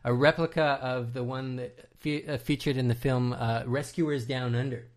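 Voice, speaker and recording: A man's voice: medium pitch, fairly even intonation, moderate pace. A man co-hosting a casual podcast, explaining trivia in detail with frequent hesitations. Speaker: podcast co-host. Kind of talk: casual commentary chat.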